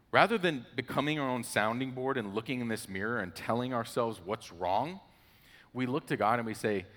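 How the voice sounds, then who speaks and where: Bright-voiced man. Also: mid-range voice, lively intonation, normal speed, in a large hall. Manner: chatty, with many "like" fillers and laughs. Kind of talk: casual faith talk.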